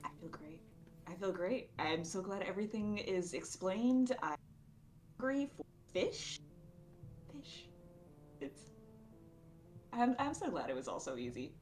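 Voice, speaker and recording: Deadpan, playful woman at a game table. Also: medium pitch, unhurried, long pauses, faint music behind. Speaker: player. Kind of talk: casual game table chat.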